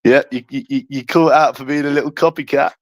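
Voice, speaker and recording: On a taunting live stream, a young Londoner jeers at someone again and again in a mocking, ranting way. His medium-pitched voice has fairly even intonation and a quick pace, and the recording is dry.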